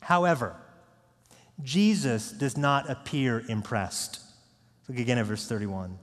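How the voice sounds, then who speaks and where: A man preaching a sermon as pastor, earnest, moving between hushed and raised delivery. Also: mid-range voice, unhurried. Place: church sanctuary. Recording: long echo of a large church hall.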